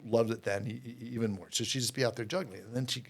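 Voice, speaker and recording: Gravelly-voiced man telling his story. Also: medium pitch, fairly even intonation, fast talker. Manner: rambling, repeats words, many fillers. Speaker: podcast guest. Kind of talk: candid storytelling interview.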